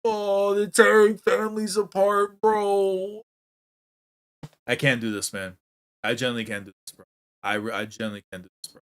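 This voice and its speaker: A man hosting a manga readthrough reaction, talking in a slangy, excitable way. His voice sits a little high for a man, and he swings from low, muttered dismay to loud outbursts. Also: moderate pace, smooth. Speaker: channel host reading manga.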